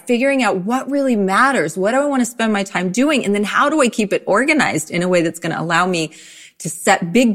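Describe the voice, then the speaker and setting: Female podcast co-host, effusive and gushing, laughs a lot. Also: mid-range voice. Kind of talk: enthusiastic guest introduction.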